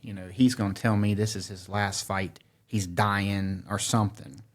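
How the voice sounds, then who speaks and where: A man's voice: on the low side, steady tone, normal speed. A middle-aged man, a podcast guest telling a story in casual conversation and acting out his own quotes. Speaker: podcast guest, former firefighter.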